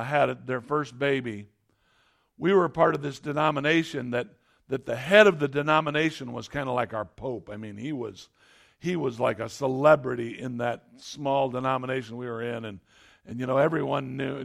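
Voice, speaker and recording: Man, middle-aged, pastor, sermon, gravelly, slightly high voice, conversational storytelling.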